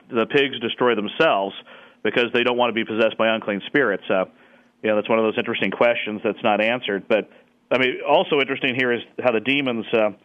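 Male guest, mid-pitched voice, thoughtful and rambling, lo-fi sound. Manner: thoughtful, many fillers and restarts. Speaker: Bible scholar guest. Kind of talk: conversational explanation.

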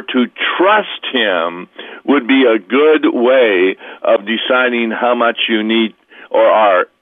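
A man, a pastor, teaching a Bible lesson on a radio talk show, explaining slowly and stressing key words. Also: medium pitch, dry recording. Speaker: pastor, guest. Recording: tinny phone line.

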